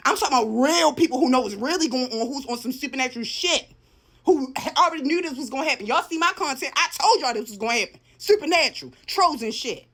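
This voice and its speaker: Fired-up high-voiced woman ranting. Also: animated, fast. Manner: profane, heated, swings from shouting to low muttering. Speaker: social media commentator. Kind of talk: angry ranting monologue.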